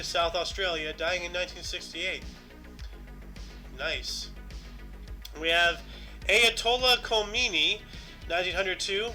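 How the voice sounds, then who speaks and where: A man with a high, very bright voice hosts a casual podcast, reading through lists of historical births and deaths. He adds dry asides between entries, and faint music plays under his voice. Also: rough recording. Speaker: podcast host.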